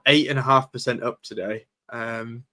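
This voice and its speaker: A man joining a livestream as a guest trader, chatting in a relaxed, wry way. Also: medium pitch, moderate pace. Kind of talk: casual livestream chat.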